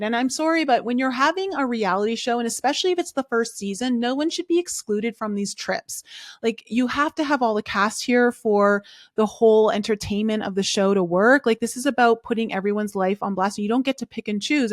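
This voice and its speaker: A woman's voice: on the high side, no echo, clean studio sound. A woman hosting a podcast, giving a casual, opinionated recap of a reality show, talking chattily with lots of fillers. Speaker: podcast host.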